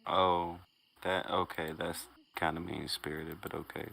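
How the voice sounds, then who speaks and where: A man's voice: deep voice, level tone, a little slow, creaky, pushed and bright, low-quality recording. A man co-hosting a podcast, teasing the others and running a joke into the ground in casual banter. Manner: teasing, repeats jokes. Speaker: co-host.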